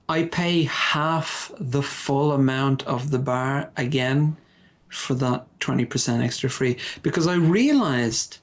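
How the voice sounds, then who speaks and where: A man co-hosting a podcast, talking in a deadpan, mock-earnest sarcastic way with theatrical sighs. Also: on the high side. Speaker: podcast co-host. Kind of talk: sarcastic comedic chat.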